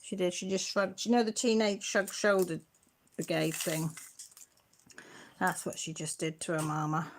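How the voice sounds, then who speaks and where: A woman's voice: lowish voice, flat delivery, moderate pace, long pauses, slight background noise. A middle-aged woman, hosting a casual livestream and chatting and teasing as she answers viewer comments. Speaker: channel host.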